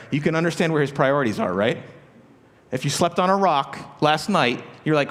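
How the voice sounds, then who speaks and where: A man's voice: a little high, fairly quick, fairly bright tone. A man preaching a sermon as a pastor, chatty and joking, with asides and rhetorical questions. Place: large church sanctuary. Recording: long church reverb.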